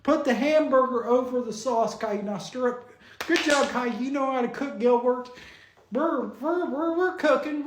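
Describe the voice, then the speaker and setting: Brief: giggly, stumbling comic storyteller, mid-pitch, roomy echo. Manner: giggling, stumbling over words.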